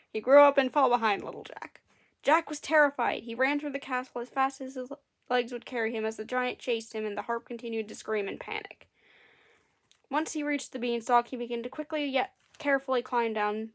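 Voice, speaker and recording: Woman storyteller, wry asides, dry amused commentary, fairly high voice. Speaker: storyteller reading aloud.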